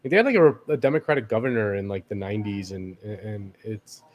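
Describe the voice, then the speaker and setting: A man's voice: lowish voice, expressive, fast, muffled recording. A man co-hosting a casual political chat who rambles, leaning on "like" and restarting his sentences. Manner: rambling, many "like" fillers and restarts.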